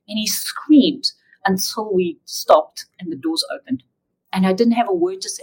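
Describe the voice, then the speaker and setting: A woman telling her personal testimony as an interview guest, in an emotional, animated way. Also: medium pitch, moderate pace, slightly rough, poor audio.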